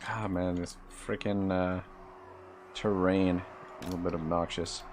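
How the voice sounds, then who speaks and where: Male streamer, East Coast Canadian accent, lowish, relaxed chat-reading commentary. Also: a little slow, a little hiss or hum. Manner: easygoing, chuckling, reads chat aloud. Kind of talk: casual live-stream gameplay commentary.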